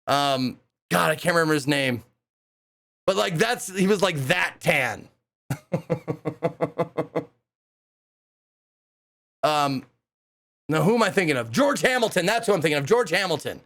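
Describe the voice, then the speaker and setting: A man's voice: a little high, unhurried, vocal fry, pauses often. A young man casually telling stories to a live chat, rambling and swearing with lots of fillers. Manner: excitable, profane, rambling with many fillers. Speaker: live streamer.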